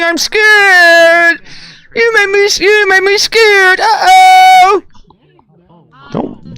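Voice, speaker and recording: A man streaming a social VR game, talking in a profane, teasing and excitable way over a headset mic. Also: on the high side. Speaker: VRChat streamer. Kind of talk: casual game chat.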